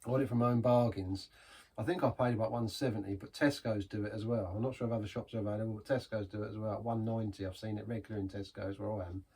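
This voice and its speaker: A man's voice: on the low side, fairly even intonation, fast talker, a little mellow, slightly rough. A man giving a casual, rambling beer review in a pub, chatty and self-deprecating.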